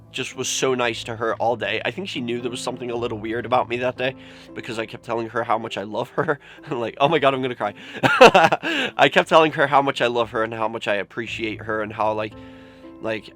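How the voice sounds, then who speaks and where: A man's voice: mid-range voice, fairly bright tone. A young man vlogging, telling a personal story candidly and emotionally, swearing often and saying "like" a lot. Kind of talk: confessional vlog storytelling.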